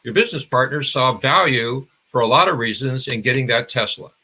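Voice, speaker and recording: A man's voice: medium pitch, a little fast, sharp tone, a little hiss or hum. An older man, a marketing expert guest, explaining in a conversational interview with restarts and examples.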